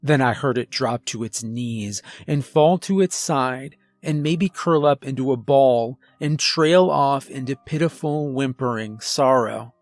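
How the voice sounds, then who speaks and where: A man reading a scripted first-person horror story in a slow, measured way. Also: mid-range voice, no room sound, soft background music. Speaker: narrator.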